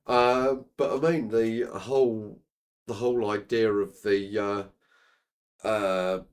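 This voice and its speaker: A man's voice: lowish voice, fairly even intonation, slow pace, smooth. A man co-hosting a casual chat, rambling and piling on filler phrases. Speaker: co-host.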